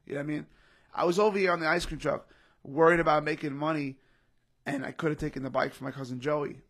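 A young comedian talks fast in a fairly high, a bit bright voice with fairly even intonation. As a podcast guest he tells an emotional personal story in casual chat, repeating himself and frequently saying "bro" and "literally".

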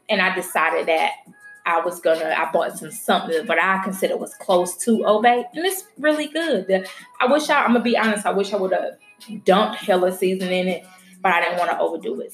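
A woman's voice: medium pitch, fairly quick. Woman, casual vlog chat, frank, swears freely, echoey room, faint background music. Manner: frank and chatty, swears freely, talks straight to viewers. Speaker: vlogger. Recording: roomy echo with faint music.

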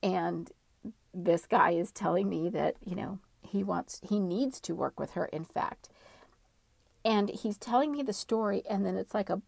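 A woman telling a personal story casually, in an animated, dramatic way. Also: mid-range voice, unhurried, creaky, breathy edge, no echo.

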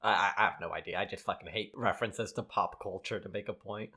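A man's voice: on the low side, steady tone, quick pace, bright, forceful tone, breathy edge. A man co-hosting a podcast in casual chat, wry and blunt, laughing along. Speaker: podcast co-host.

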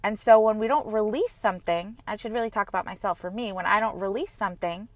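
A woman in her thirties, a mother, talking earnestly and gently about her own experience in a heartfelt personal monologue. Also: mid-range voice, fast, no room sound. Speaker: mother sharing personal reflections.

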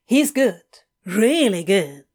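A woman's voice: mid-range voice, sing-song, takes it slowly, darkish tone. A woman doing a drawling, sardonic loner. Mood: dry. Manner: drawling, curt and dry. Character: sardonic, aloof young-ish man.

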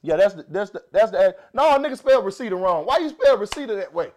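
A high-pitched man with a Southern accent chats on his podcast in a loose, excitable way. He laughs often and restarts his sentences as the thoughts tumble out. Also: quick pace. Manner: animated, laughing, many restarts and fillers. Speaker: podcast host. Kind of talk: casual podcast chat.

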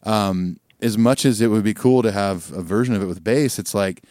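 A man co-hosting a metal podcast in relaxed casual chat, agreeable and a little hesitant. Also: on the low side, moderate pace, no echo, studio quality. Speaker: podcast co-host.

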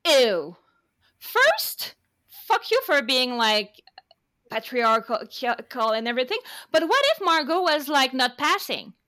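A woman co-hosting a casual TV recap chat, animated and quick to laugh and swear. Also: sits high. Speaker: podcast co-host.

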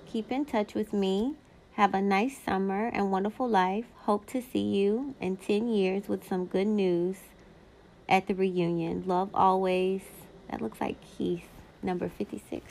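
A woman in her thirties hosts a podcast, casually reading old notes aloud and dropping in short asides of her own. Her medium-pitched voice is creaky and a little mellow, and the recording is low-quality.

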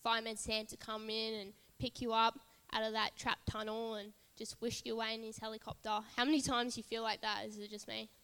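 A woman's voice: on the high side, little pitch movement, brisk, few pauses, fairly bright tone, clean tone, in a large hall. A woman preaching a sermon at a church service, earnest and repetitive, building emphasis phrase by phrase.

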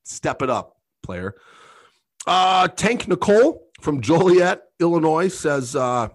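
A man hosts a casual comedy podcast with a loose, profane delivery and frequent laughter. His pitch sits a bit high and swings widely as he tells stories. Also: very animated, slow pace. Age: adult. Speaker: podcast host.

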